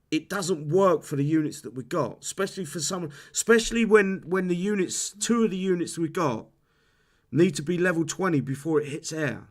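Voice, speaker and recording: A man hosting a live stream, ranting heatedly about a game with lots of swearing and restarts. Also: fairly high pitch. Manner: heated, sweary, repeats himself. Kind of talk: casual live-stream rant.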